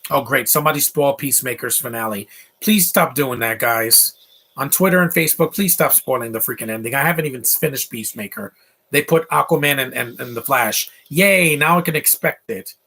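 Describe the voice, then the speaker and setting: A man's voice: mid-range voice, brisk, sharp tone, slightly rough. A man giving casual, rambling live commentary over a movie, opinionated and full of asides and fillers. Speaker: film commentator.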